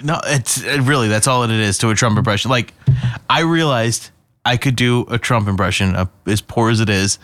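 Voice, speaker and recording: A man's voice: medium pitch, moderate pace, a bit bright, no echo. A man co-hosting a podcast, telling a story in casual chat and acting out what people said. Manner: storytelling, acts out quotes. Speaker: podcast co-host.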